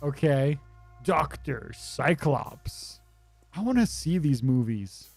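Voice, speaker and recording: A man's voice: fairly high pitch, animated, slow pace, darkish tone, no room sound, soft background music. A man streaming a game, giving casual, joking and self-mocking commentary. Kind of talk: casual commentary over gameplay.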